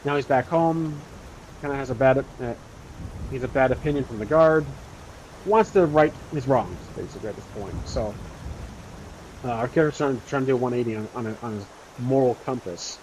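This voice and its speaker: A man plays through a solo tabletop game on his own, narrating casually and rambling with lots of fillers. His voice sits at a middle pitch, and faint rain sounds behind him. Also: brisk, a little mellow, slight background noise, rough recording. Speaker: solo tabletop role-player.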